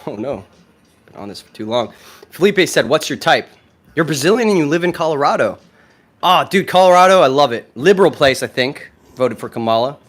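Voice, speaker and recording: A brash young American man talking casually into his phone, profane and excitable as he answers viewer questions. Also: a little high, brisk. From United States. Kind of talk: casual vlog talk.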